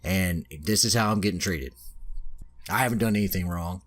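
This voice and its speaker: A man with a very deep voice voicing a wronged young male hero who rants and swears, while retelling a story on a podcast. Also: moderate pace. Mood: bitter rant. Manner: ranting, swearing.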